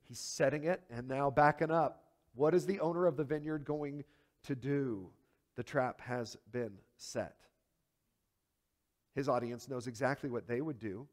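A male pastor preaching a sermon in an animated, emphatic way, asking the congregation rhetorical questions and swinging between hushed low asides and loud high peaks. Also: a little slow.

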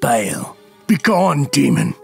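A man voicing a tormented male mage who cries out in defiance in a dark story. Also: mid-range voice, huge pitch swings, slow, creaky, heavily acted. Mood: commanding. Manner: crying out, strained. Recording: faint background music.

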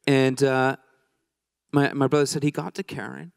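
Brief: middle-aged male preacher, gravelly edge, dry close sound, chatty anecdotal sermon. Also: medium pitch, little pitch movement, moderate pace, no echo. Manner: conversational, joking, many restarts and fillers. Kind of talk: sermon storytelling.

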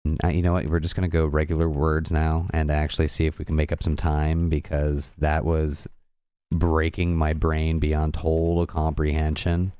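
In clean studio quality with no room sound, a young Southern American man with a very deep, smooth, dark voice speaks at a moderate pace and level tone. He hosts a programming livestream, rambling chattily and bantering with his viewers.

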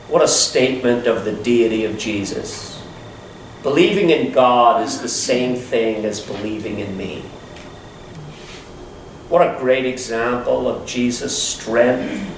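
A man preaching a sermon as pastor, expressive and dropping to a hush at times. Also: takes it slowly, a little hiss or hum. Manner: expressive preaching, swinging pitch, drops to a hush. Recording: echoey room, voice from a distance.

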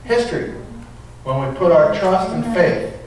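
A man's voice: high voice, expressive, measured pace, crowd noise. A man preaching a sermon as a pastor, reading scripture, praying and telling stories in an earnest way. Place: church sanctuary. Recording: echoey church from a distance.

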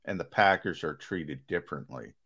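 A man's voice: very deep voice, animated, moderate pace, a bit bright, breathy edge. A man co-hosting a sports talk show, conversational and hedging, with emphatic bursts. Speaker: sports radio co-host.

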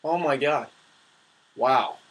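Young male gamer, husky, casual trash-talk commentary. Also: medium pitch, slow pace, rough recording. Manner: excitable, trash-talking. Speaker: gameplay commentator.

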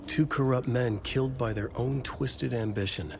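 A man voicing a grim male narrator of a dark horror tale, reading scripted narration in a grave, measured way. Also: medium pitch, vocal fry, noisy background, natural voice. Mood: ominous. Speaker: game narrator.

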